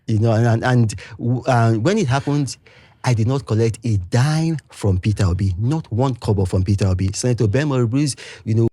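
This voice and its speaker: A man with a Nigerian accent, speaking as an interview guest in an emphatic, heated, animated way. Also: mid-range voice, normal speed, no echo. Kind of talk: interview talk.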